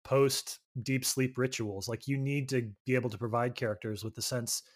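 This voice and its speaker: Man, mid-pitched voice, analytical, casual film podcast talk. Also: fairly even intonation, moderate pace. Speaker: podcast co-host.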